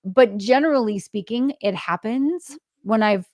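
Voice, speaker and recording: A middle-aged woman hosting a podcast, chatting casually and telling stories with lively acted-out quotes and frequent laughter. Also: a little high, measured pace, dry recording, clean studio sound. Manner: animated storyteller acting out quoted dialogue; laughs often mid-story. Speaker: podcast host. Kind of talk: casual interview conversation.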